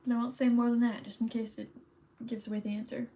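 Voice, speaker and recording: A woman's voice: on the high side, flat delivery, fast talker, vocal fry, mellow. A young woman streaming as she decorates cards, chatting casually and thinking aloud while she colors. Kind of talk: casual chat while crafting.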